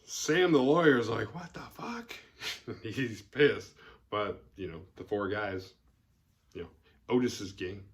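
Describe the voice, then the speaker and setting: A man's voice: fairly low pitch, takes it slowly. A man hosting a podcast who gives a casual, rambling movie recap, often chuckling and acting out quotes. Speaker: podcast host.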